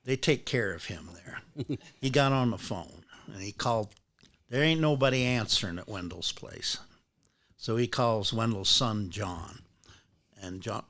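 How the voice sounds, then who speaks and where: An older man, a rare bookseller guesting at a book club, chats casually in a lowish, slightly bright voice, taking it slowly with long pauses. He tells rambling anecdotes, frequently restarting and swearing casually.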